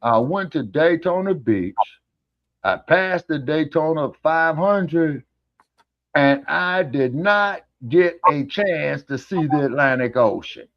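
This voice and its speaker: A man's voice: a little high, animated, slow pace, no echo. Male co-host, folksy storyteller who curses a lot and plays every part in his own yarns; the audio comes through dull and dry. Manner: folksy storyteller, swears freely, acts out dialogue. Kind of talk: casual chat on an online talk show.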